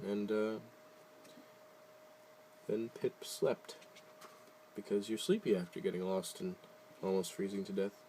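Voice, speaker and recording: Low-voiced guy reading a kids book, cracking wry jokes between lines. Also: steady tone, normal speed, gravelly, pauses often, a little mellow, slight background noise. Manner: jokey, wry asides, loose retelling. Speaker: reader. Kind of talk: casual read-aloud of a picture book.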